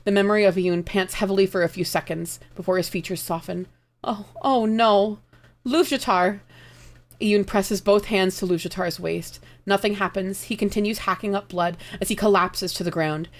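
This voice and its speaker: A woman streamer reading a dark fantasy story aloud live, narrating in an expressive, dramatic way. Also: lowish voice.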